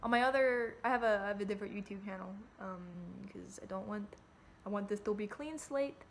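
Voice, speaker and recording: A young woman vlogging from home speaks to her phone camera a little fast in a medium-pitched voice, with slight background noise. Her monologue is casual and rambling, full of swearing and restarted sentences.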